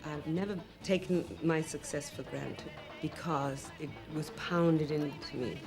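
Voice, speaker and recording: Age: adult. Sex: woman. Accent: Welsh. Pitch: a little low. Style: animated interview storytelling, full of "you know". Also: measured pace, over music. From Wales. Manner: animated, acts out remembered dialogue, many "you know"s. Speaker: singer interviewed about her career.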